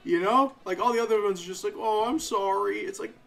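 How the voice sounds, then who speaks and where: A young man casually commenting on a live game playthrough, shifting from quiet narration into animated, sarcastic rants. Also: high-pitched, fast talker, soft background music. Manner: ranting, sarcastic, animated asides. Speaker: game streamer.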